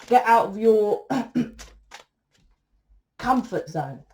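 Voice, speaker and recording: A woman's voice: a little high, expressive, drawn-out words, heavy background noise. Woman, tarot reader, blunt, sweary and preachy, casual monologue. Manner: blunt, profane, lecturing the viewer.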